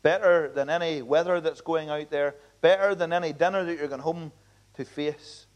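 Male pastor, high voice, emphatic earnest sermon delivery. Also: steady tone, normal speed. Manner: earnest, emphatic preaching with repeated appeals. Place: church.

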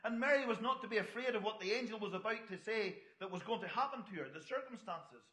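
Bright-voiced preacher, echoey hall. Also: male voice, high voice, lively intonation, quick pace. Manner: conversational, storytelling asides to the congregation. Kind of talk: sermon.

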